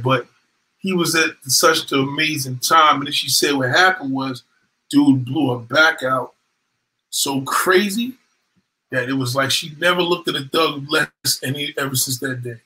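Bright-voiced slangy storytelling man. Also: fairly high pitch, poor audio. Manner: slangy, animated street storytelling. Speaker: podcast host. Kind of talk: casual chat.

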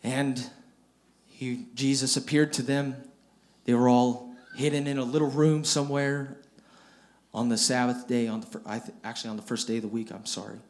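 A man's voice: mid-range voice, steady tone, normal speed. A man preaching a storytelling sermon, retelling scripture in plain everyday speech and often repeating and restarting his phrases.

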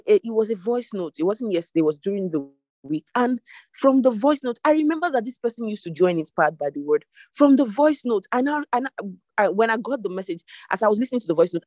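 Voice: medium pitch, mellow, dry recording. A devotion leader giving an online sermon over a video call, exhorting listeners with emphatic repetition.

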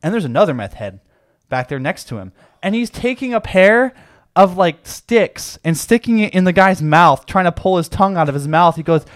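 Man in his twenties, podcast host, swearing storyteller, lively swooping pitch, dry close mic. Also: normal speed, no echo. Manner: profane, animated, laughing storyteller. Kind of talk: casual storytelling chat.

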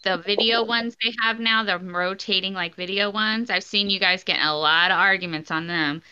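Bright, crisp woman, casual podcast banter, slightly dull recording. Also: medium pitch, moderate pace. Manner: laughing, joking. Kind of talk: casual chat.

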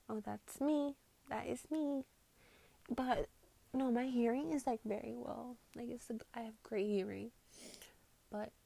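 A woman vlogging her reactions to posts in a casual, profane rant, swinging between loud outbursts and muttered asides, full of "like". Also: a little high, creaky. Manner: heavy swearing and filler "like".

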